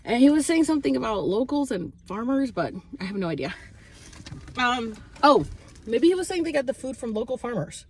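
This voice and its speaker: A woman chatting to the camera in a casual vlog from a parked car, bubbly and chatty, acting out what others said in a high voice. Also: fairly quick, husky. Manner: chatty and bubbly, retells with excited high quotes. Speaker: vlogger. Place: parked car on a road trip.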